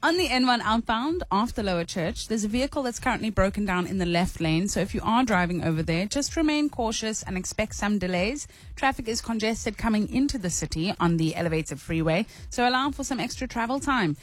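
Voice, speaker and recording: A woman's voice: mid-range voice, a little fast, hardly any pauses, no echo. Woman reading radio traffic. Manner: clear, steady, informative. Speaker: traffic presenter. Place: radio studio.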